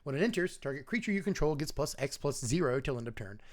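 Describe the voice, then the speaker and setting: A man hosts a relaxed livestream review in a bright, slightly higher voice. His pitch bounces up and down as he chuckles and talks back to his viewers. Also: fast talker. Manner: animated, chuckling, chatting with viewers. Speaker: host. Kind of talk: casual livestream card review.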